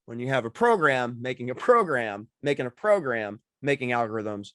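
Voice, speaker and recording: A man's voice: medium pitch, animated, moderate pace, sharp tone, no room sound, clean studio sound. A man speaking as a podcast guest in casual chat, rambling and leaning on filler words.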